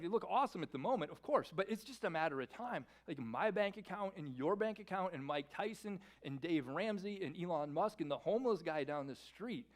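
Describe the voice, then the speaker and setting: A male pastor delivers a sermon at a church service in a casual, storytelling way, leaning on the word "like." His voice is slightly high and very lively in pitch. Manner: animated storyteller, lots of filler "like".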